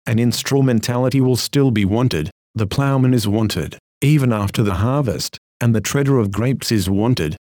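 A man's voice: medium pitch, a little mellow, no echo. Guy preaching an old-style sermon, earnest and urging, dry close sound. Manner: earnest, exhorting. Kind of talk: reading a historical sermon.

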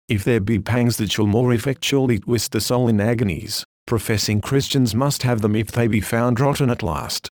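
A man's voice: medium pitch, a little mellow, no echo, studio quality. A man reading an old sermon aloud in an earnest, solemn, declamatory way. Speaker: preacher.

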